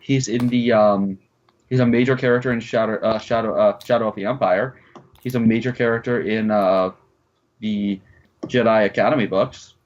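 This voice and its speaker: Male co-host, casual commentary chatter, filler-heavy and giggly, mid-pitched, muffled lo-fi audio. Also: fairly even intonation, normal speed. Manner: rambling, filler-heavy, laughs often, hums movie music. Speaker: podcast co-host. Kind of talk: casual movie commentary chat. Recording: dull lo-fi recording.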